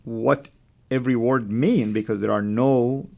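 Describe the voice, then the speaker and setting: A man's voice: mid-range voice, steady tone, unhurried, creaky, darkish tone. Scholarly man affirming and explaining. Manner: affirming, scholarly, agrees often. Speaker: co-host, manuscript researcher. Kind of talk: conversational discussion on manuscripts.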